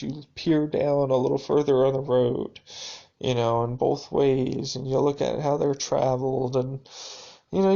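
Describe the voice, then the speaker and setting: A man speaking a reflective, halting personal video journal monologue, with restarts and dry sarcasm. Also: medium pitch, gravelly, a little mellow, dull audio.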